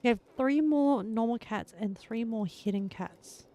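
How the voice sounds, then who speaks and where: Slow-talking, chatty woman streamer. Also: a little high, mellow. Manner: chatty, laughs often, talks to her chat. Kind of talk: casual live-stream chatter.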